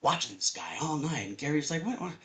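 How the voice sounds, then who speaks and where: A man in his fifties telling a personal story at a live storytelling event, conversational and animated. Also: fairly high pitch, a little fast. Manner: animated, conversational, acts out voices.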